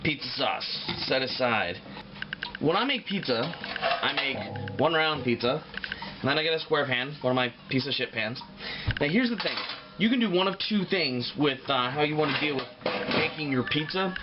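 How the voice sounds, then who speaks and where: Over loud music, a man with a fairly high, expressive voice hosts a casual home cooking show at a moderate pace. He rambles and swears freely while walking through the steps in his kitchen, and the lo-fi audio sounds dull with clear noise.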